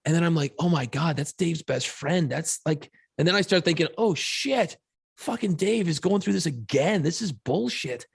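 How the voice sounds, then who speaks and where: A man's voice: fairly high pitch, animated, moderate pace, gravelly, husky, dry recording, clean studio sound. A middle-aged man co-hosting a podcast, telling an emotional story with plenty of swearing and quoted reactions. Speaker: podcast co-host and radio host. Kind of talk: casual podcast chat.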